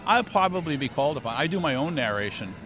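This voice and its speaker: A man's voice: fairly high pitch, quick pace. A man chatting as an interview guest, telling jokey stories with lots of animation. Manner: animated, joking storyteller. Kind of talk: casual interview chat. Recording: music playing in the background.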